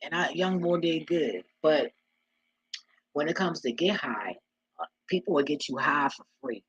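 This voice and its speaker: Blunt, husky vlogger. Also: mid-range voice, animated, measured pace, fairly bright tone, no echo, dull audio. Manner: blunt, profane, preachy street talk. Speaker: vlogger giving life advice. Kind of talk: casual monologue.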